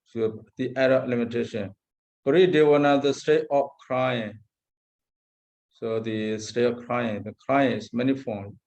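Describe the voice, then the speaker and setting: A man teaching as a Buddhist monk, lecturing on a Pali text, repeating terms and pausing often. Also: medium pitch, fairly even intonation, darkish tone. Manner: slow, repeats Pali terms, frequent hesitations.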